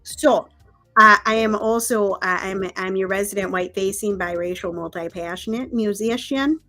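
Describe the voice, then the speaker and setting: A woman's voice: mid-range voice, moderate pace, sharp tone, faint music behind. A woman from Minnesota with a Minnesotan accent, co-hosting a casual live-stream chat with playful, folksy asides. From Minnesota, USA. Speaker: co-host, musician.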